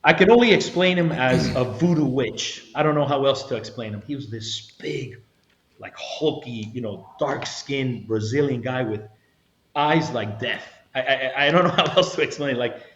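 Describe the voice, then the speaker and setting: A man's voice: medium pitch, moderate pace, slight background noise. A middle-aged man, a retired federal agent, tells a story as an interview guest, acting out quotes and often restarting his sentences. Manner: animated storyteller, acts out quotes, frequent restarts. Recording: roomy, slightly dull sound.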